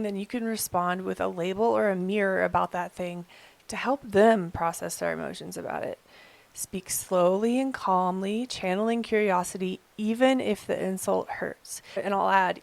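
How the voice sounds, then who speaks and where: Woman host talking to camera, calm and earnest, lots of vocal fry, dry close sound. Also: mid-range voice, no room sound. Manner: calm, earnest, measured explaining. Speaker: channel host. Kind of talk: explainer video talk.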